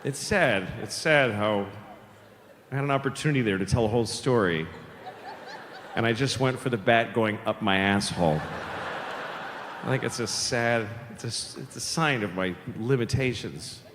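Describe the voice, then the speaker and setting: A man's voice: medium pitch, moderate pace. A man telling a self-deprecating story in a stand-up set. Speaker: stand-up comedian. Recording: echoey hall with ambient noise.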